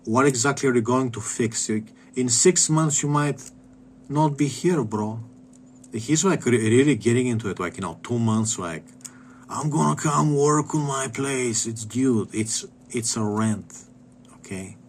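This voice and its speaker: A man streaming a game, rambling in a profane, contemptuous rant that keeps trailing off into low mutters. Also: unhurried, a little mellow, a little hiss or hum. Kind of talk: casual rant while gaming.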